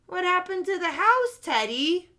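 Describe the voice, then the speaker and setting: A young woman teaching small children speech sounds through play, with slow, sing-song, exaggerated talk. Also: very high voice, big pitch swings, bright, forceful tone. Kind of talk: playful lesson for young kids. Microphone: camera in front, leaning close at times.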